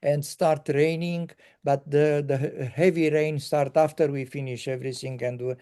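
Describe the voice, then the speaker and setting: An older man from Romania, recounting a tour in casual conversation, halting with many fillers and restarts. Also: fairly high pitch, flat delivery, mellow, smooth.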